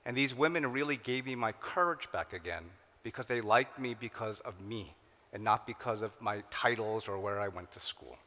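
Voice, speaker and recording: Pria yang bercerita dengan nada cerah di aula bergema. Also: male voice, on the low side, normal speed. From United States. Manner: storytelling, switching into Korean phrases, animated quoted voices. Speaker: keynote speaker. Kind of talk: forum talk. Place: large hall. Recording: reverberant hall.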